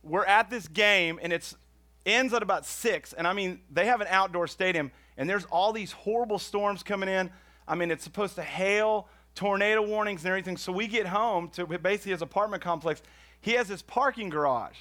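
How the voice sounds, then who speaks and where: A man's voice: high-pitched, a little fast, sharp tone. A man from Houston, doing rambling, self-mocking stand-up storytelling. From Houston, Texas. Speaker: stand-up comedian.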